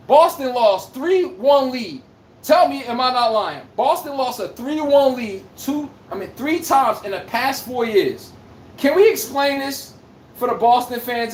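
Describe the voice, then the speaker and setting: A man hosting a sports podcast livestream, taunting rival fans in heated talk to his live chat and shouting some lines. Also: very high-pitched, echoey room, a little hiss or hum, poor audio. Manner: brash trash-talking, taunting, shouts out lines.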